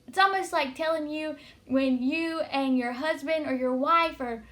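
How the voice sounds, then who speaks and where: A woman's voice: high-pitched, measured pace, fairly bright tone. A woman giving an earnest devotional teaching, telling stories to encourage listeners. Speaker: Christian teacher.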